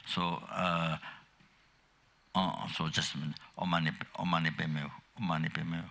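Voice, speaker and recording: An older Buddhist teacher gives a Dharma talk in a rumbling low voice that is creaky, bright, and forceful, yet steady in tone. His delivery halts and rambles with many fillers and restarts, and he coughs often.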